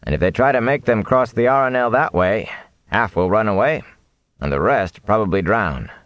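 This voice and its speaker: A man's voice: fairly low pitch, expressive, normal speed, dry recording, muffled recording, pitched above the performer's own voice, lightly acted. A man reading an audiobook, voicing a grim male warrior who reports in a clipped, matter-of-fact way.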